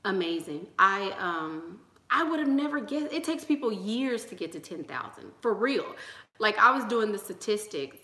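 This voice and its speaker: A young woman delivers a motivational sermon to her online audience, pressing each point home with repeated lines. Her voice is bright and forward, and it rings in an echoey room. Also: mid-range voice, big pitch swings, moderate pace. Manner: preachy and emphatic, with repeated rallying lines. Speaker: YouTube channel host. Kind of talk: motivational sermon-style talk to viewers.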